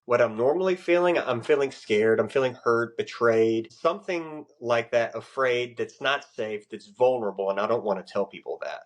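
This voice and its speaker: A middle-aged man, a Navy chief, speaking as a guest in a casual podcast interview, explaining ideas in an earnest, expressive way. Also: medium pitch, normal speed, few pauses.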